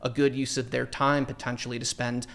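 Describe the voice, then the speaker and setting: A man giving sales advice in a conversational podcast, animated and acting out sample sales lines. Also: mid-range voice, a little fast, vocal fry. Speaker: sales trainer guest.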